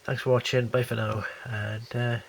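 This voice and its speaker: A man's voice: medium pitch, little pitch movement, normal speed, creaky, slight background noise. A man rambling through a model kit unboxing with many fillers and restarts, getting over a cold. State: has a lingering cold. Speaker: scale model kit reviewer. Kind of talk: casual unboxing commentary.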